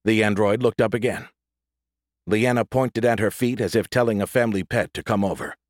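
Low, lively-pitched male narrator for an audiobook, close and dry. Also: fairly quick, dry recording. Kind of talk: scripted narration.

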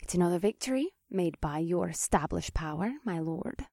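A man putting on a breathy, sultry witch woman. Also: sits high, lively intonation, normal speed, mellow, dry recording, clean studio sound, pitched above the performer's own voice. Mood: sultry, adoring. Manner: purring, fawning. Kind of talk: audiobook reading.

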